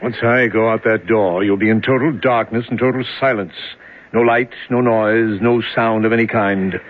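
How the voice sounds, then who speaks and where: A man's voice: on the low side, fairly even intonation, normal speed, close to an everyday voice. An actor playing a curt, cold male jailer who speaks in a dry, matter-of-fact way in a 1970s radio drama. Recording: tinny husky old radio broadcast.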